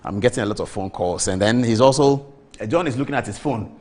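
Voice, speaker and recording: A man in his forties with a Ghanaian accent, telling an animated story on a TV talk show and mimicking the people he quotes. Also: mid-range voice, fast talker. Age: 40s.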